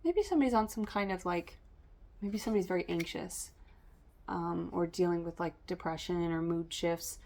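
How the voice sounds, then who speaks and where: A woman's voice: fairly low pitch, moderate pace, a little mellow, a little hiss or hum. A woman giving a casual spiritual tarot reading to camera, rambling and stream-of-consciousness with many fillers. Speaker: tarot reader.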